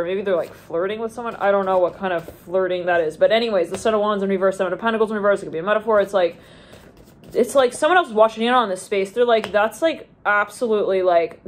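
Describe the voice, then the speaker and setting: A woman giving an intuitive tarot reading in a rambling, stream-of-consciousness way, with lots of "like" and restarted thoughts. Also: medium pitch. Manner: trails off and restarts mid-thought. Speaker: tarot reader.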